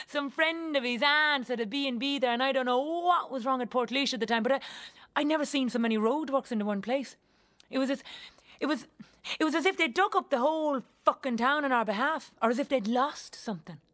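An Irish-accented actress delivers a theatrical monologue in character as a young Irish woman who is earthy, wry, blunt and quick to swear. Her voice is high, brisk and a touch bright.

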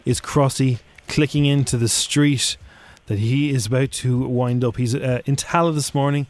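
An Irish man hosting a breakfast radio show, teasing his co-hosts and rattling off directions for a prank. His voice sits at an ordinary middle pitch and moves along in a chatty, playful way. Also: steady tone, moderate pace, a little mellow, no room sound.

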